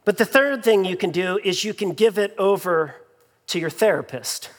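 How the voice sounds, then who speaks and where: Male pastor with a high voice, preaching conversationally with fillers and repeats, long hall reverb. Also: normal speed. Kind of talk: sermon.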